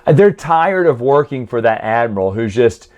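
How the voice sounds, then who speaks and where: A man's voice: mid-range voice, lively intonation, moderate pace, a little mellow. A man casually reviewing comics and stories in a chatty, opinionated way, often correcting himself mid-sentence.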